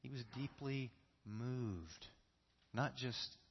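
A man's voice: medium pitch, drawn-out words, highs cut off, a little hiss or hum. A man preaching a sermon in a church, earnest and repeating key phrases for emphasis. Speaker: pastor.

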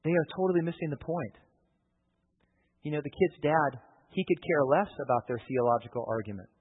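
A man's voice: a little high, fairly quick, husky. A man preaching a sermon, conversational and checking in with his listeners. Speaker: pastor. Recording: phone-like, long reverb hall.

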